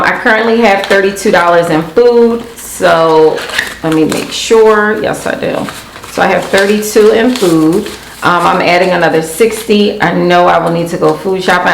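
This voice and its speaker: Gravelly-voiced woman chatting in an echoey room. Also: on the low side. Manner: chatty and exasperated, addresses viewers as y'all. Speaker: budgeting vlogger. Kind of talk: casual chat to camera. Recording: echoey room with faint noise.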